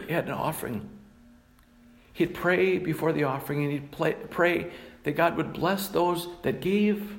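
A middle-aged man, a pastor, preaching a sermon and reading scripture passages in a plain teaching tone. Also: a little high.

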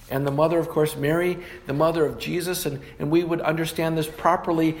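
A man preaching a sermon, teaching through scripture and often stopping to correct himself. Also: on the high side. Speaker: pastor.

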